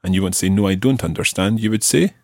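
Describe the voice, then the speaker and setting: A man hosting a podcast language lesson, teaching patiently and slowing down to spell out each phrase. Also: low-pitched, darkish tone, no room sound, studio quality.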